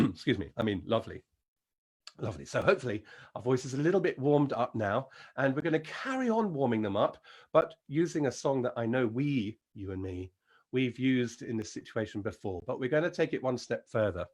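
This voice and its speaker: A man with an English accent leading an encouraging vocal warm-up lesson as a singing teacher. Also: mid-range voice, animated, a little fast. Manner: encouraging, demonstrates sounds and sings.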